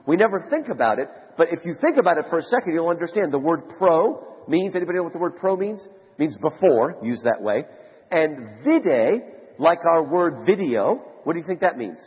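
A man giving a conference lecture to a live audience, telling stories in an animated way. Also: moderate pace, husky. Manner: animated storyteller, rising to high excited shouts. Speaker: conference speaker. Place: large conference hall. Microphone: handheld mic. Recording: lo-fi hall recording with long reverb.

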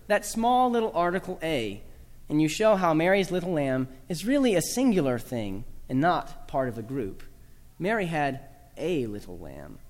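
A man's voice: on the high side, big-room sound. A man from the American South giving a talk to a live audience about teaching children proper speech, with dry humor and spoken examples.

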